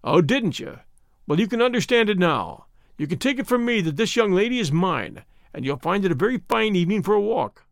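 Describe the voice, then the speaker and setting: Guy doing a jealous bully in a storybook reading, curt and savage, lots of swing in the pitch. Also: very animated, a little fast, no room sound, studio quality. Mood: menacing. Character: swaggering menacing young man, jealous and threatening.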